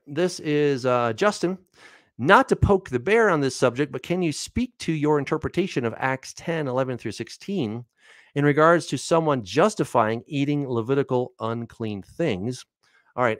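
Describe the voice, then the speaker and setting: Reading Bible verses aloud and throwing rhetorical questions at his listeners, a man casually responds to viewer questions. His medium-pitched voice is recorded dry, and his animated, conversational style is peppered with "all right" and "right?".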